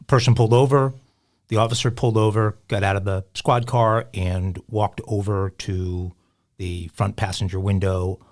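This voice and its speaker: A man hosting a podcast, telling a news story with a somewhat low voice. He speaks conversationally, with frequent "uh" fillers between phrases. The delivery is easygoing. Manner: narrates news story, laughs easily, some fillers. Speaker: podcast host.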